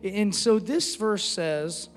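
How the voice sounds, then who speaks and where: High male pastor, animated sermon, shouts then hushes, hall echo. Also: takes it slowly. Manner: swings from shouting highs to soft low asides; animated, jokey, uses casual filler. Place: church hall. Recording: long hall reverb, faint music.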